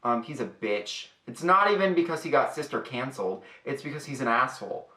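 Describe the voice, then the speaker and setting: A man's voice: medium pitch, very animated, a little fast, bright, forceful tone. A young man chatting casually through a makeup tutorial in a sassy, profane, chatty way. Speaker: beauty vlogger. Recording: echoey room.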